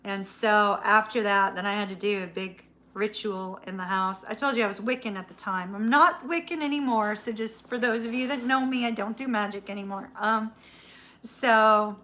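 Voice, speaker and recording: A woman's voice: medium pitch, normal speed, pushed and bright. A woman host telling a personal story in a casual chat with her viewers, laughing often and swearing casually. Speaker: tarot reader, channel host.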